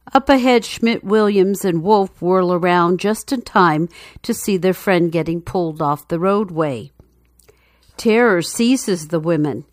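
A woman's voice: fairly low pitch, dry recording, clean studio sound. A woman narrating a true story as scripted narration, telling it in a dramatic, suspenseful way.

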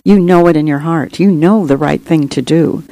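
A woman voicing a calm, wise male white dove who speaks in a matter-of-fact way in an audiobook reading. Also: sits low, moderate pace, rough recording.

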